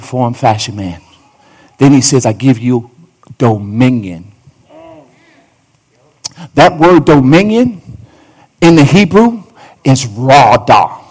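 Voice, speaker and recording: Fervent male pastor, lively pitch. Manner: fervent, repeats phrases, talks to the congregation. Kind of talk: sermon. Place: church sanctuary.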